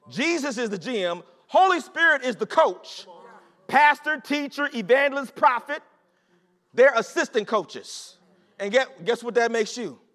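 In a large hall with long reverb, a very high-voiced man preaches to his congregation. His sermon is animated and conversational, full of repeated phrases and calls out to the listeners.

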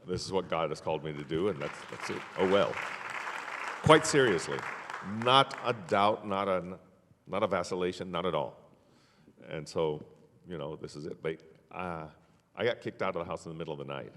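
An older man telling his life story as an interview guest, measured and unhurried, with frequent fillers and soft laughs. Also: low voice, crowd noise, noisy background. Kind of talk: personal testimony in conversation. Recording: long hall reverb.

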